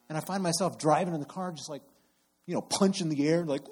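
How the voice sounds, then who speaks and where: A middle-aged man preaching a sermon, telling animated personal stories and acting out his exasperated outbursts. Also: fairly high pitch, brisk, slightly rough. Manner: animated storyteller who acts out exasperated outbursts. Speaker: camp program director preaching.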